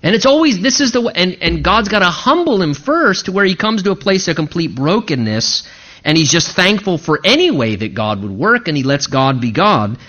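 A man preaching a sermon in an animated way, now and then acting out indignant voices. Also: high-pitched, moderate pace, lo-fi sound. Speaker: pastor.

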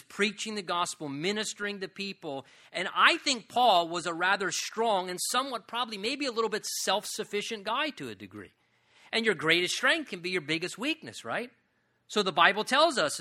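A male preacher delivering a sermon with a bright, forceful, somewhat high voice. He is emphatic and drags out key phrases of scripture for weight. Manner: emphatic, slows down to stress scripture.

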